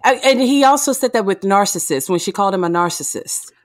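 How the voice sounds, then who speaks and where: A woman's voice: mid-range voice, animated, fairly quick. A woman guest in a casual chat, blunt and joking, swearing freely. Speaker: podcast guest.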